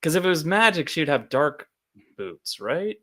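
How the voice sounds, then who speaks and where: Podcast co-host, male, bright lively voice, laughs a lot and acts scenes out. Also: on the high side, a little slow. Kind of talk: casual comic book discussion.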